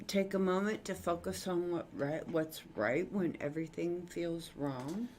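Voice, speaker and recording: A woman's voice: lowish voice, a little slow, a little mellow, slight background noise. A woman co-hosting a casual talk show, reading out short tips. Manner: brief, reads out tips. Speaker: podcast co-host. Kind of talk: casual chat.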